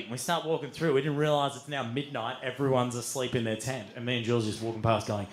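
An Australian man, a comedian, telling a live stand-up story in a loud, animated way, swearing and laughing as he goes. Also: medium pitch, fast talker, hardly any pauses, background noise. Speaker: comedian and podcast host. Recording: live stage recording.

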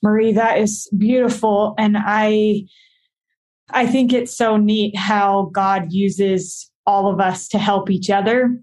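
Woman host asking soft questions, slow easy pace. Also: medium pitch, little pitch movement. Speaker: podcast host. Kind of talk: interview conversation.

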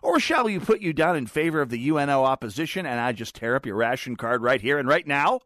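A man's voice: mid-range voice, expressive, fast talker, a bit bright, no room sound, pitched above the performer's own voice, natural voice. A man voicing a smug, menacing male pollster in a mock-polite, sarcastic tone.

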